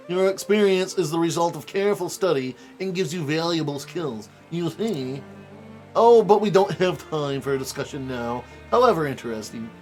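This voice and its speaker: A man's voice: a little high, animated, moderate pace, darkish tone, faint music behind, lightly acted. A man voicing a pompous, wordy male scholar detective, reading game dialogue aloud in a formal, lecturing manner.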